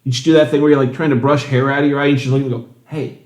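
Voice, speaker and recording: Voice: medium pitch, steady tone, rapid-fire, a little mellow. A podcast co-host in casual chat, trading crude jokes. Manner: joking, crude banter.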